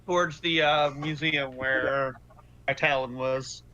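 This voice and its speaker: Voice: medium pitch, steady tone, slow pace, sharp tone, lo-fi sound. A player in a casual tabletop game who is playful and laughs easily.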